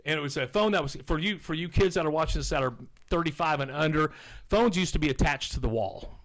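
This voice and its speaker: A man in his fifties from Oklahoma, a podcast guest telling rambling stories in a casual, animated way and swearing now and then. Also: fairly high pitch, quick pace. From Oklahoma, USA. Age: 50s. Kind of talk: casual storytelling.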